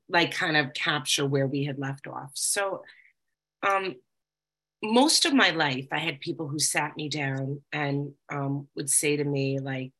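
A woman's voice: sits low, a bit bright. A woman giving candid personal testimony to a group, talking conversationally with frequent fillers. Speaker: recovery group speaker.

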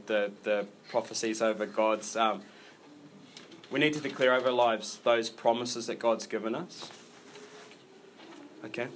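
A man preaching a sermon in a relaxed, conversational way, full of fillers and restarts. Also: medium pitch, a little hiss or hum. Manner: informal, rambling delivery with many fillers and restarts.

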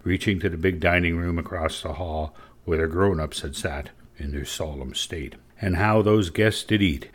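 A man narrating a story audiobook in a steady, measured way. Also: low voice.

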